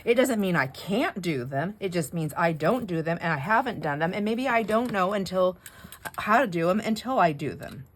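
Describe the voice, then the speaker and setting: A woman's voice: fairly low pitch, lively intonation, moderate pace, a little hiss or hum. A middle-aged woman hosting a craft video, chatting in a rambling, digressive way while she cuts board, often breaking off mid-sentence and laughing. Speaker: craft channel host.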